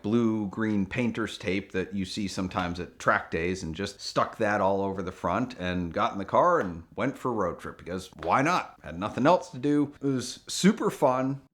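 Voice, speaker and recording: A middle-aged man telling a story in a casual, animated way, jumping up in pitch when he quotes people. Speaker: car dealer telling a story.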